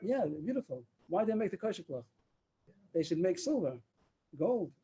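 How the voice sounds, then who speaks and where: A man teaching a daf yomi Talmud class over a video call, explaining fast and mixing English with Talmudic Hebrew and Aramaic terms. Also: high-pitched, sing-song, dark tone, husky, muffled recording. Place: online meeting room.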